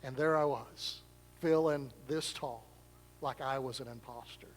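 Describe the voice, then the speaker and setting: A pastor from Arkansas, preaching a sermon in a conversational, self-deprecating storytelling way. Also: male voice, mid-range voice, fairly even intonation, a little slow, a little hiss or hum. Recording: long reverb of a large hall.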